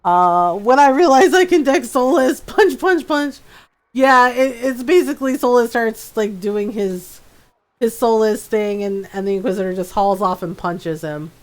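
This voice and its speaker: Chatty woman streamer, slightly high voice. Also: measured pace. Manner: chatty, laughs often, mimics characters mockingly. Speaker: game streamer. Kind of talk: casual commentary while playing.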